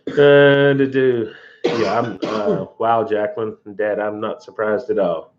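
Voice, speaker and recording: A man's voice: fairly low pitch, steady tone, takes it slowly, muffled recording. A man hosting a casual live stream, rambling and folksy with frequent chuckles. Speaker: outdoor channel host.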